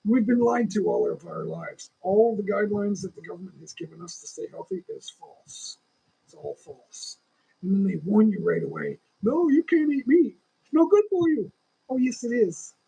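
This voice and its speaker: A man's voice: high-pitched, gravelly, mellow, breathy edge, low-quality recording. A man in his sixties with a lingering cough, hosting a casual livestream and chatting in a rambling, opinionated way straight to his viewers. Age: 60s. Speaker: livestream host.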